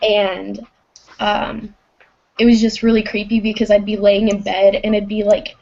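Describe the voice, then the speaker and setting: A woman's voice: mid-range voice, little pitch movement, a little slow, creaky, darkish tone. A teenage girl from Kansas calls in on a lo-fi voice chat, her voice worn down by sickness. She tells a creepy story hesitantly, leaning on "um" and "like" as she goes. The line sounds dull and muffled. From Kansas, USA. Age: teens. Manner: hesitant, many "um" and "like" fillers. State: sick. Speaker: caller. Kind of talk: telling a ghost story on a voice call.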